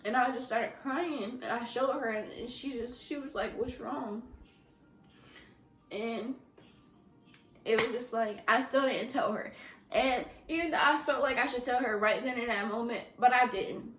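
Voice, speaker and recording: A young woman with a fairly high voice recounts a personal story for her vlog. She speaks softly and emotionally, often pausing and restarting her sentences. The sound bounces around an echoey room. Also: faint music behind. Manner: soft-spoken, emotional, halting with many restarts. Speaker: vlogger.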